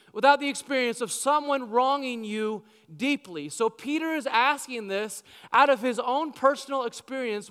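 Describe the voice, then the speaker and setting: A pastor preaches a sermon emphatically, throwing rhetorical questions at the congregation. His voice is high, pushed, bright and smooth, carried by the long reverb of a large hall.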